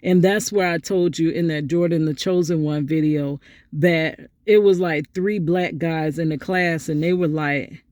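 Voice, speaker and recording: A middle-aged woman vlogging, telling a story in a chatty, animated way and talking straight to her viewers. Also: unhurried, no echo, studio quality. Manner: animated, acts out quotes with big pitch jumps; chatty, addresses viewers directly. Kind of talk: casual storytelling vlog.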